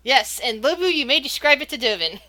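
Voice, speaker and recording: A woman narrating a tabletop game as game master, halting and restarting, laughing often. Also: sits high, expressive, sharp tone.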